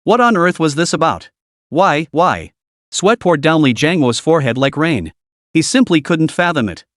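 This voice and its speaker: A man's voice: fairly high pitch, normal speed, no room sound, studio quality. A man narrating a recap story in a scripted way, reading every character's lines in the same voice. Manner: animated storytelling, voicing all the characters' lines.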